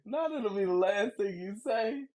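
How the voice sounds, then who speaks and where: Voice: medium pitch, animated, normal speed, a little mellow. A co-host cutting into a story with blunt, joking questions. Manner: blunt, joking interjections with swearing. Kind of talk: casual chat, reacting.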